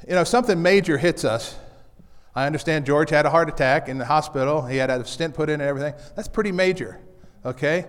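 Man, pastor, relaxed folksy preaching, repeats key lines, fairly high voice, long church reverb. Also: fast. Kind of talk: casual conversational sermon. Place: church sanctuary.

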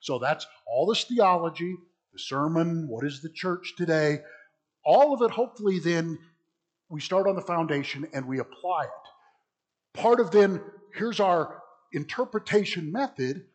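A man leads a church Bible lesson in a loose, conversational way. He keeps putting questions to his listeners and often breaks off to restart a sentence. His voice sits a little high and has a husky grain. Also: lively intonation, a little slow. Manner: conversational, asks the audience questions, rambling restarts. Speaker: preacher teaching a church class. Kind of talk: interactive Bible teaching.

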